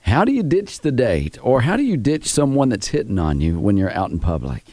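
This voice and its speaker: A man's voice: mid-range voice, wildly swooping pitch, brisk, darkish tone, no echo. A man co-hosting a morning radio show, joking his way through a prank call in a playful, mock-earnest manner. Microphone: studio microphone.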